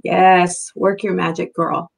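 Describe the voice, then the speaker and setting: A woman reading the lines of a warm, serene, motherly older woman from her novel, in a soft and fond way. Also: lowish voice, level tone, takes it slowly, gravelly, slightly rough, heavily acted, poor audio. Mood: tender.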